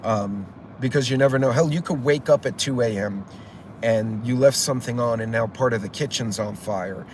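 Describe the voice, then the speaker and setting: A man's voice: medium pitch, moderate pace, slight background noise. A middle-aged man hosting a casual livestream, telling stories in a rambling, profane way. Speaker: channel host.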